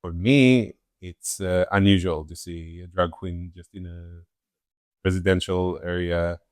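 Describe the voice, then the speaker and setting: Deep-voiced woman podcast host. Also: fairly even intonation, a little slow, darkish tone, no room sound, clean studio sound. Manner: self-mocking, jokey complaints. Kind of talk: casual podcast chat.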